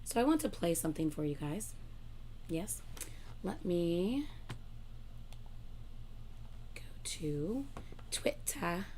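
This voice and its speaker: A woman hosting a casual livestream, chatting excitedly and laughing loudly between lines. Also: on the low side, a little slow, slight background noise. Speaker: livestream host.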